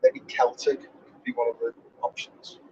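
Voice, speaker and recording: A man's voice: normal speed, mellow, slight background noise. A man hosting a casual chat, rambling and opinionated, correcting himself as he goes. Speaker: podcast host. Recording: dull lo-fi recording.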